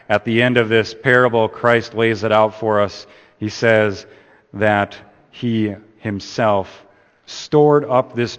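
Male preacher, low pitch, unhurried and emphatic sermon delivery, echoey hall. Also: a bit bright. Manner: deliberate, emphatic, stresses key words.

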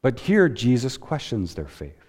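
A man preaching a sermon as a pastor, slow and deliberate with dramatic pauses, heard in a church sanctuary. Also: medium pitch, wildly swooping pitch, darkish tone, slightly rough. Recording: long reverb of a church hall.

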